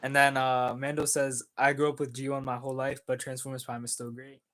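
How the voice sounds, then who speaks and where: A young man co-hosting a livestream, casually reading out chat comments with many pauses and fillers. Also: mid-range voice, little pitch movement, a bit bright, poor audio. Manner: easygoing, hesitant, many fillers.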